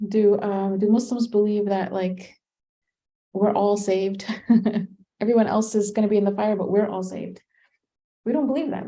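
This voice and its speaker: A woman with a very dark, mellow tone and a gravelly edge leads a Qur'an study class. She talks it through like a conversation, pausing on fillers and restarting her sentences as she thinks aloud. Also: medium pitch, low-quality recording. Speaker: religious teacher.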